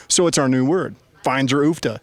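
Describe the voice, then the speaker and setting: A man telling animated, casual stories from a road trip. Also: mid-range voice, moderate pace, dry recording. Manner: animated, imitates people. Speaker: motorcycle trip rider. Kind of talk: casual storytelling.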